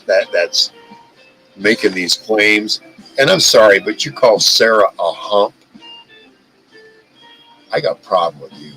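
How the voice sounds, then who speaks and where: A man hosting a casual live stream, talking in an animated, profane rant. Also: on the low side, low-quality recording. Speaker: livestream host.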